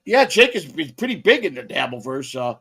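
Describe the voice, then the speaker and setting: A man's voice: fairly high pitch, big pitch swings, brisk, sharp tone, husky. A man co-hosting a podcast, telling rambling stories with lots of repeats and swearing. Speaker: podcast co-host. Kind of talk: rambling casual storytelling.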